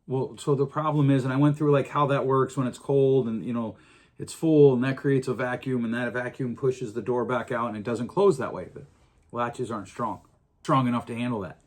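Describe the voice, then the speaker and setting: A man's voice: mid-range voice, steady tone, moderate pace. A middle-aged man hosting a podcast, talking earnestly in a casual monologue with frequent restarts. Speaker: podcast host.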